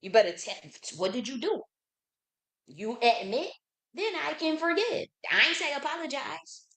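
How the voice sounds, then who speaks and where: A woman's voice: sits high, expressive, moderate pace, fairly bright tone. Profane, emphatic woman livestreamer. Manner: profane, emphatic, reads scripture aloud. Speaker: live stream host. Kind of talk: casual livestream monologue. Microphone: streaming setup.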